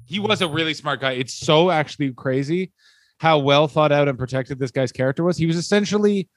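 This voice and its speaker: A man's voice: on the high side, a little fast, dry recording. A man from Canada co-hosting a podcast, riffing profanely in casual comedic chat and acting out the people he describes. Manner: riffing, profane, mock-acts quoted people. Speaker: podcast co-host.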